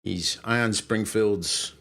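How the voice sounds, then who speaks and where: A man's voice: fairly low pitch, very slow, gravelly, fairly bright tone. Rambling, profane male streamer. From Brooklyn, USA. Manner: rambling, profane, lots of fillers. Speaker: streamer and show host. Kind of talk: casual livestream chat.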